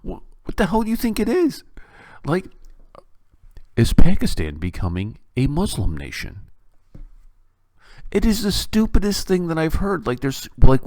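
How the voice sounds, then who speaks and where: A man hosting a talk show, giving opinionated political commentary in an animated, sarcastic and incredulous way. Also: mid-range voice, no echo. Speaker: podcast host.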